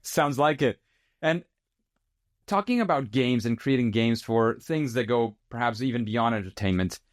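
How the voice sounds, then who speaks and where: A man hosts a podcast and leads the interview with relaxed, curious questions. His pitch moves up and down a lot while he talks. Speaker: podcast host.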